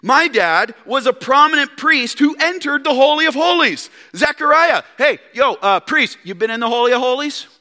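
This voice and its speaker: A boastful young prophet reels off his credentials in a casual, slangy brag, as a preacher puts him on. The voice sits high and sharp, with a long church reverb behind it. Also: lively intonation, moderate pace, pauses often, smooth. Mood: bragging. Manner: smug, bragging, casual slangy asides.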